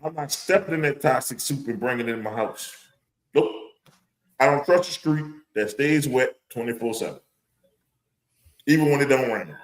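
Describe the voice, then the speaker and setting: A man's voice: medium pitch, expressive, moderate pace, pauses often, low-quality recording. A man with a New Orleans accent, co-hosting a sports podcast in casual, profane chat, laughing often. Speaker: podcast co-host.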